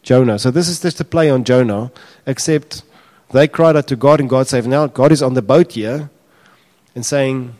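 Animated pastor preaching. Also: male voice, medium pitch, normal speed. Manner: animated, acts out quotes with raised voice. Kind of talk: sermon.

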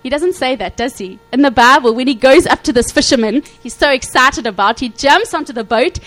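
A woman preaching a sermon in a fairly high voice. She is animated and acts out scripture scenes. She checks in with her listeners as she goes. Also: brisk, few pauses, poor audio. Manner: animated, acts out quotes, frequent "okay?" check-ins.

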